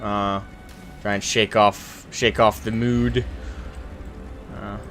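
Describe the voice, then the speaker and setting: A man's voice: on the low side, little pitch movement, takes it slowly, a bit bright, faint music behind. A man streaming a video game, chatting casually and thinking aloud, with lots of fillers and restarts. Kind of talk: casual gameplay stream chat.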